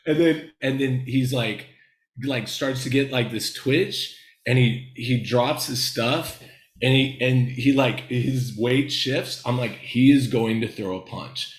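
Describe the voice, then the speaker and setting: A man's voice: medium pitch, slow. A man telling a long story in a casual interview, rambling and swearing a lot as he acts out the people in it. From Los Angeles, United States. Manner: rambling, profane, animated storyteller. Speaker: screenwriter guest. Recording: echoey room.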